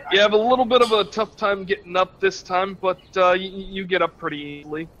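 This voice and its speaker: A man's voice: sits high, steady tone, quick pace, fairly bright tone, dull audio, a little hiss or hum. A young man running a tabletop game as game master, explaining the scene in a hesitant way, often restarting his sentences. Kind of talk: narrating and ruling a tabletop game.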